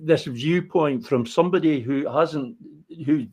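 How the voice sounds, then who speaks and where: A man from Fife in Scotland interviewing a guest, speaking in a measured way with frequent hesitations. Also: on the high side, a little mellow. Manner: measured, many "uh" fillers. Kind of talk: interview questions.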